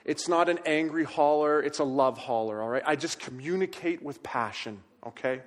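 A man preaching a sermon to his congregation, telling everyday stories with animated energy and sometimes hollering. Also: fairly high pitch, normal speed. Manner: animated storytelling, hollering when quoting himself. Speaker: pastor. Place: church sanctuary. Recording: long reverb of a church hall.

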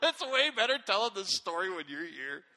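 Male pastor, animated storyteller, high and sharply bright, recorded in a reverberant hall. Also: fairly quick, slight background noise. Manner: animated storytelling, acts out his own angry outbursts. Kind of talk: sermon. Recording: long reverb of a big hall.

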